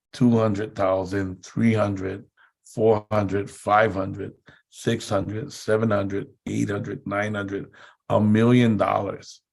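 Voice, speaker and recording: Guy with a gravelly voice doing a motivational seminar, chatty, laughs a lot. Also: fairly low pitch. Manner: chatty anecdotes, laughing often. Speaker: seminar speaker.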